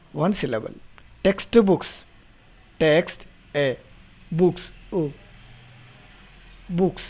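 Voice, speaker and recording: Slow, deliberate male English teacher. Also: a little high, darkish tone, low-quality recording. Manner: repeats and spells out words deliberately; checks understanding with questions. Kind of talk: recorded phonetics lecture.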